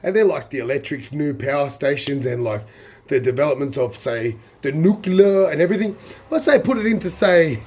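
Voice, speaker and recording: A man's voice: a little high, animated, moderate pace, a little mellow, husky. An Australian man talking casually to camera, rambling with many fillers. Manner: rambling, fills with "say" and "like". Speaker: vlogger.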